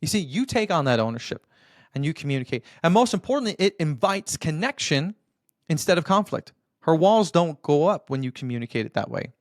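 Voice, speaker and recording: A man's voice: a little high, sing-song, brisk, no echo, clean studio sound. A man hosting a podcast, giving earnest, coaching-style advice on marriage and often checking in with the listener. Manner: addresses listener as brother. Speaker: podcast host. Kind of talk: motivational marriage advice talk.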